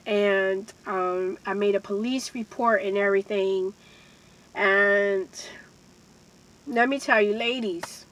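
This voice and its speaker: Slow, bright-voiced woman telling a story. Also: on the high side, poor audio. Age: adult with a child. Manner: earnest, emphatic, speaks directly to viewers. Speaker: vlogger telling a personal story. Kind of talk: emotional storytime monologue.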